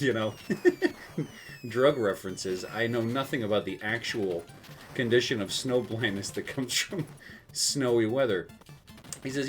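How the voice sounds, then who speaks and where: Man telling a story with lively pitch. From South Texas. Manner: rambling, self-mocking, laughs often. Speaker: gaming video host. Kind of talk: storytelling over gameplay.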